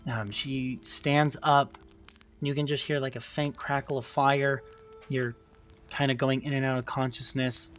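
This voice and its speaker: A man's voice: medium pitch, little pitch movement, measured pace, fairly bright tone, soft background music. Man narrating a tabletop game. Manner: rambling, many fillers like "um" and "like". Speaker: game master.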